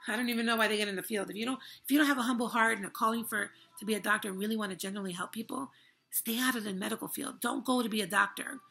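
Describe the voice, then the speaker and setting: A woman's voice: medium pitch, racing, creaky, sharp tone, faint music behind. A young woman vlogger giving an emphatic, frank and indignant personal testimony. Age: young adult.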